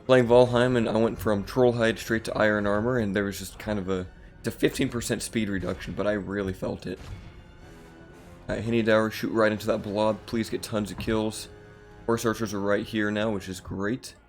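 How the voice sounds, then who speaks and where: A man with a slightly rough morning voice, casually commenting on a strategy game as the channel host, relaxed and rambling with fillers. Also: lowish voice, normal speed, faint music behind.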